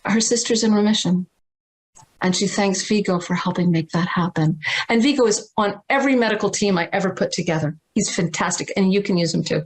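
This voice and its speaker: A middle-aged woman from Massachusetts, telling an earnest, animated story as a guest teacher on a video call. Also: medium pitch, a little fast, poor audio. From Massachusetts, USA. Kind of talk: storytelling in a livestream talk.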